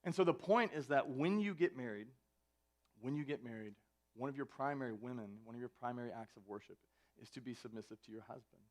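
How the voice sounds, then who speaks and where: Young pastor preaching casually. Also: male voice, medium pitch, a little fast. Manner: conversational, self-interrupting, jokey asides. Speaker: student ministry pastor. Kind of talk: sermon to youth, anecdotal. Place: church venue, live service.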